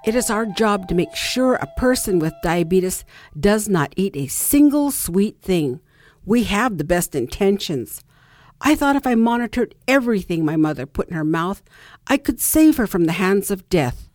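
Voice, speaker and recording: A woman's voice: medium pitch, lively intonation, moderate pace, a little mellow, no echo. A middle-aged woman reads a personal story aloud in a reflective way and acts out the people she quotes. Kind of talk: personal essay reading.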